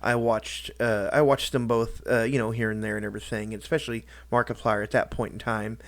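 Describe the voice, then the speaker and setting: A man talking in a casual personal vlog, halting and rambling, with lots of restarts and fillers. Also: lowish voice, flat delivery, gravelly. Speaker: YouTuber.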